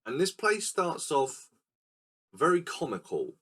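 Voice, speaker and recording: A man's voice: fairly high pitch, wildly swooping pitch, unhurried, a bit bright, breathy edge. A man co-hosting a casual film podcast, explaining scenes and acting them out in silly voices. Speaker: podcast co-host. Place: recording room.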